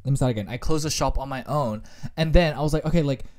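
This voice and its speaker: A young adult podcast co-host telling a work story in casual chat, profane and animated, acting out quotes. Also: medium pitch, fast.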